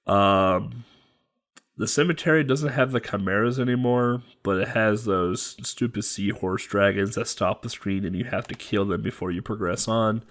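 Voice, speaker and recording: Low-voiced man casually recapping a game. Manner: rambling, many ums and restarts, explains game bosses. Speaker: podcast co-host. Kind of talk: casual chat.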